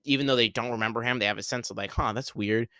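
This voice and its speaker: A young man hosts a podcast on his own and rambles through his thoughts in casual talk full of fillers and restarts. His voice is smooth and clear at a middle pitch, recorded dry and close with no room sound. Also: steady tone, racing, bright, forceful tone, no room sound. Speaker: podcast host. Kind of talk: casual solo spoiler talk.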